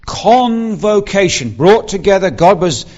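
A man's voice: high-pitched, lively intonation, a little slow, darkish tone, dull audio. A man preaching a Bible-teaching sermon, explaining earnestly and stressing key words.

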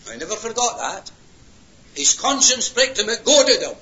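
Man preaching a sermon, high bright voice, impassioned, hushed to loud, roomy lo-fi hall recording. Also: sing-song, moderate pace.

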